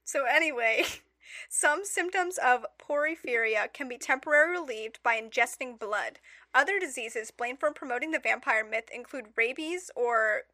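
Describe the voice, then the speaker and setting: A woman's voice: high voice, moderate pace, pushed and bright, dry recording. A woman co-hosting a casual podcast, reading facts aloud with stumbles and giggly asides in a small studio. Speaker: podcast co-host. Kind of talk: casual chat reading notes.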